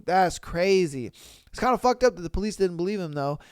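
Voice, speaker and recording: Brief: male podcast host, animated and slangy, smooth, slightly high voice, dry close-mic sound. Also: normal speed, no echo. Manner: animated, slangy, exclaims often. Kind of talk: casual reading and reacting to listener stories.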